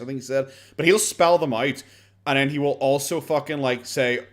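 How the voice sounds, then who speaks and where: A man's voice: medium pitch, steady tone, a little fast. An Irish man reacting to a video on a home stream, sarcastic and sweary, full of fillers. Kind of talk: casual reaction commentary.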